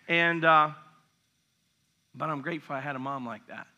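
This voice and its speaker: A man's voice: a little high, measured pace, pushed and bright. A middle-aged male pastor giving a sermon, telling stories in a chatty way with acted asides. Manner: conversational storytelling with acted asides.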